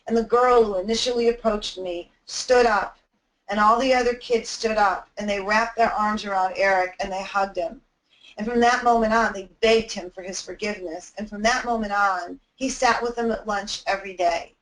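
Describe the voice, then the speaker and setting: A woman's voice: medium pitch, fairly even intonation, moderate pace, fairly bright tone, poor audio. A woman giving an anti-bullying webinar talk, telling a personal story in an earnest, heartfelt way.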